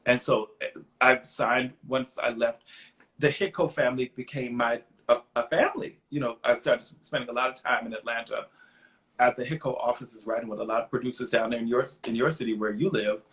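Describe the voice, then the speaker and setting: A man's voice: medium pitch, fairly quick. Middle-aged man telling a heartfelt story. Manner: lively anecdotes, acts out others' lines in quotes; earnest and openly emotional when reflecting. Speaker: guest songwriter. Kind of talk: conversational interview storytelling.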